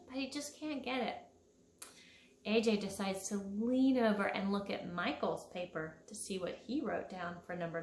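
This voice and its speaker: A woman reading a children's story for a school, expressive, leaping up high on sound words. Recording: echoey room.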